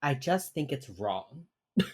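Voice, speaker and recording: A woman with an extremely low, slightly rough voice speaks slowly in a sing-song way. She co-hosts a podcast, rambling through a TV episode recap with casual swearing and lots of laughter.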